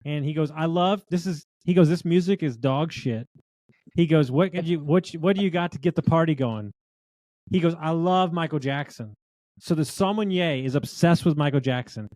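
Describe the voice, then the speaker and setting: A man telling lively restaurant stories in a casual chat, acting out what other people said. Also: a little high, moderate pace, dry recording. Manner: animated storyteller, acts out quotes of others.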